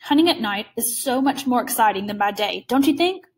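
A woman's voice: a little high, animated, brisk. A woman reading aloud voices a suave, menacing older male general with polished, amused courtesy. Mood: courtly.

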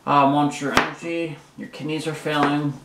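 A man's voice: a little high, little pitch movement, moderate pace. A man in his home kitchen, talking in a frustrated, rambling way with many fillers while he makes breakfast and eats. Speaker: vlogger. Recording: echoey room, mic far off, loud kitchen noise. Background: dishes, pots, pans and drawers clattering.

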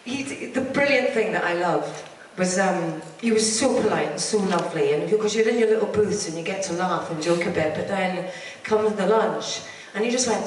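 A woman's voice: medium pitch, normal speed, slight background noise. A Scottish-born woman with an estuary English accent tells cheerful stories as a guest on a convention panel. She is picked up from a distance in a very echoey hall, with faint room ambience underneath. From Scotland. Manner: bubbly, laughing anecdotes. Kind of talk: live panel storytelling.

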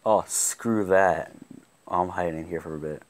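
A young man giving live gameplay commentary, excitable, often laughing and yelling at the game. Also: sits low, normal speed. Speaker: gaming YouTuber.

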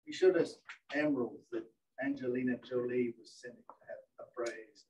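A man teaching entomology to a training group, telling stories with animated, acted-out quotes. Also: medium pitch, moderate pace, far from the mic, rough recording. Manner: animated storyteller, acts out voices. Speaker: entomologist lecturer. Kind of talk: anecdotal training lecture. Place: indoor training room.

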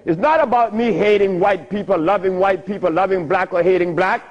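An older man giving a talk, telling stories with frequent laughter and big swings in pitch. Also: a little fast, few pauses. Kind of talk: animated storytelling lecture. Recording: muffled lo-fi recording.

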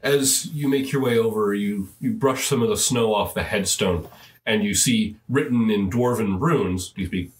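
A man narrating as game master of a tabletop game, describing scenes in halting narration. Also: on the low side, reverberant.

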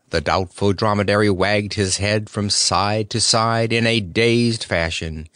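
A man narrating a children's storybook as an audiobook with expressive, animated delivery. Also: lowish voice, a little slow, no echo, studio quality.

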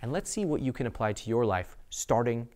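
A man hosting an instructional talk to camera in a studio, speaking expressively and deliberately slowing his delivery to make points. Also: medium pitch, animated, a little mellow. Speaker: host.

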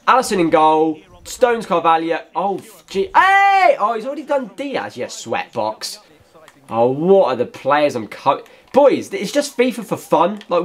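A young man commentating on his own gameplay, bantering at opponents, now and then shouting and laughing. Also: sits high. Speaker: gaming YouTuber.

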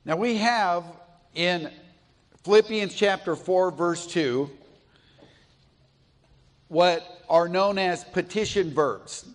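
A middle-aged male preacher from Colorado delivering a sermon in a church. His voice sits high for a man, and he takes his time, unhurried and deliberate, letting pauses land between his stories. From Colorado, USA. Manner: storytelling, slow and deliberate with pauses. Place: church sanctuary.

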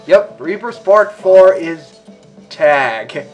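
A man's voice: a little high, takes it slowly, long pauses, fairly bright tone, soft background music. A man giving rambling gameplay commentary as a let's play host, mumbling at times and bursting out angrily at others. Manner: rambling, swings between mumbling and angry outbursts.

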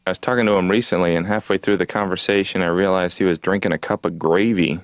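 A man from Indiana doing a deadpan stand-up comedy routine. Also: sits low, fast talker, no echo. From Indiana, USA. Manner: deadpan, with sudden put-on quoted voices. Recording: dry, slightly dull TV audio.

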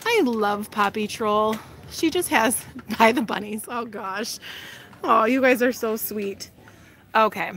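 Walking through a big store on a live stream, a woman in her thirties chats casually, giggling often and a bit winded. Her voice is on the high side and a bit bright, coming slowly, with a little hiss or hum in the audio.

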